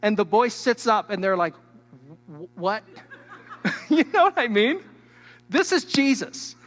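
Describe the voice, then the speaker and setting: A man preaching a sermon as a pastor, emphatic and teacherly, swinging between loud stresses and hushed asides while he speaks straight to his listeners. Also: extremely high pitch, very animated, normal speed. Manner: teacherly, addresses the listeners directly. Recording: long hall reverb.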